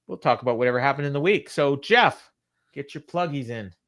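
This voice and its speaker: A man's voice: mid-range voice, animated, fairly quick, fairly bright tone, no echo. Chatty male podcast host, dry sound. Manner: chatty, laughs often, many fillers. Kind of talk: casual wrestling recap chat.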